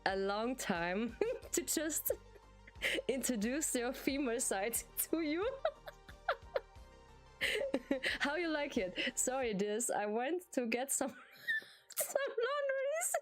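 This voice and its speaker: A woman's voice: on the high side, lively intonation, takes it slowly, pauses often, faint music behind. A woman streamer with a German accent, a native German speaker, chatting casually in English with lots of hesitations and giggles. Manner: hesitant, giggly, many fillers and restarts. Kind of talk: casual live-stream chat.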